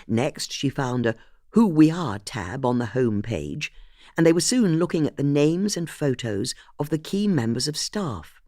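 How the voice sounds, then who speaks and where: An audiobook narrator reading a mystery novel in an expressive, scripted way. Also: mid-range voice, a little slow, no echo, studio quality.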